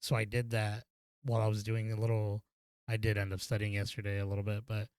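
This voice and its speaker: Young male co-host, clean smooth tone, chill and easygoing chatter. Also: fairly low pitch, completely flat delivery, fast, a little mellow, no room sound, clean studio sound. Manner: laid-back, says "dude" a lot. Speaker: podcast co-host. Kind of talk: casual gaming podcast chat.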